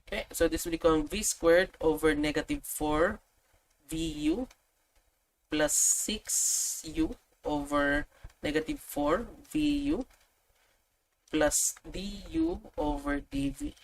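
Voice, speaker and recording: A woman's voice: low voice, animated, slow pace, a little hiss or hum, rough recording. A woman tutoring math, thinking aloud and chatting as she works through problems. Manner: thinks aloud, self-correcting, chatty asides. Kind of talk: casual tutorial walkthrough.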